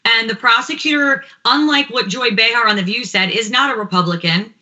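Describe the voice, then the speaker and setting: A woman panelist on a talk show, assertive and opinionated, with quick asides. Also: fairly high pitch, sharp tone, highs cut off. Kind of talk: casual panel chat.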